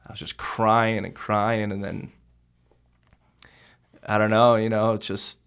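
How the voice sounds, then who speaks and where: Young man, low voice, full of fillers. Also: little pitch movement, vocal fry, fairly bright tone, clear, resonant tone. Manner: halting, heavy with fillers like "you know" and "bro". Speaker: podcast guest. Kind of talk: conversational podcast interview.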